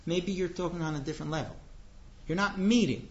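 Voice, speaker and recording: A man with a slightly high voice gives a religious lecture. He explains patiently and earnestly, slipping into acted-out dialogues. The recording is dull and lo-fi. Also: quick pace. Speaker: religious teacher.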